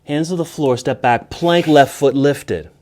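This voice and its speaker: Man, middle-aged, yoga instructor, calm pose-by-pose cueing, slightly out of breath. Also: a little high, unhurried. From United States. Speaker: yoga teacher. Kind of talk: guided yoga class instruction.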